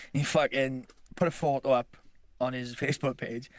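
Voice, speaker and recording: A man's voice: mid-range voice, steady tone, a little slow, no echo. A man telling a rambling story on a casual podcast, swearing freely and laughing as he goes. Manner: rambling, swears constantly, laughs through stories. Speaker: podcast co-host.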